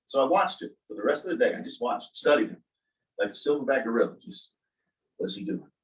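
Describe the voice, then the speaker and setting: A man's voice: medium pitch, fairly quick. A man tells a personal story in a loose, casual way. He livens it up by acting out what other people said. His voice sits in an ordinary middle range and sounds a bit distant from the microphone. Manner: animated, acts out quoted voices. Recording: voice from a distance from the mic.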